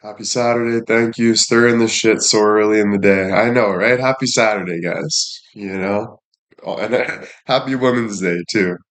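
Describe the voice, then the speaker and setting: A young man talks to his live-stream viewers in a fairly low, easygoing voice. He teases and jokes crudely, swearing freely as he chats and thanks people. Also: normal speed, a bit bright. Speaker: livestreamer. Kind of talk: casual live-stream chat.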